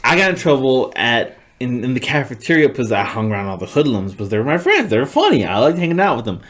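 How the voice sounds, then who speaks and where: Laid-back profane man, lively pitch. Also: fast. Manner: laid-back, profane, jumps into bright voices when quoting. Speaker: podcast co-host. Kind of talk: casual storytelling chat.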